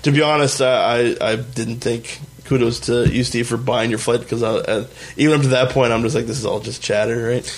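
A man's voice: mid-range voice, steady tone, normal speed, few pauses. A man hosting a casual podcast, rambling and swearing freely as he recaps a trip. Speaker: podcast host.

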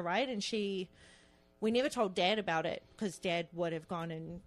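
A woman's voice: fairly low pitch, moderate pace. A woman chatting on a podcast, telling a personal story with lots of "like" and frequent laughter. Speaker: podcast co-host. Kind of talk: casual chat.

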